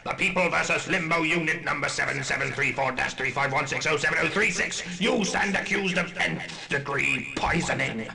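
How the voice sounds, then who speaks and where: A man's voice: on the high side, moderate pace, vocal fry, few pauses, pushed and bright, echoey room, distant mic, faint music behind, heavily acted. A man voicing a pompous, corrupt male spirit judge who talks in blustering mock-legal terms. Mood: officious.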